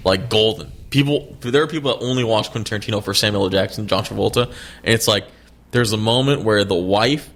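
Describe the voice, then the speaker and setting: Male podcast co-host, lower voice, rapid-fire and profane, argues his point hard. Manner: fast, animated, swears a lot, argumentative. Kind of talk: casual chat about movies.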